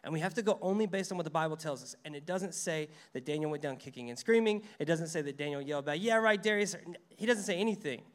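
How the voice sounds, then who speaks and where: Higher-voiced man preaching conversationally. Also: quick pace, hardly any pauses. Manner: conversational preaching, reads scripture aloud, acts out quotes. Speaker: pastor. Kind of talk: sermon.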